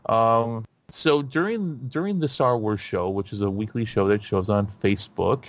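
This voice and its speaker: A man hosting a podcast in a casual chat, rambling with lots of fillers and restarts and getting animated. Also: lowish voice, moderate pace. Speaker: podcast host.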